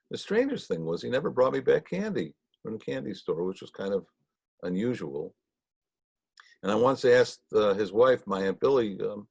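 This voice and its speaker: A man leading a Torah study, telling stories in a folksy, conversational way with frequent pauses. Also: fairly low pitch, very animated, vocal fry, a little mellow, breathy edge, no echo. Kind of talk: storytelling talk.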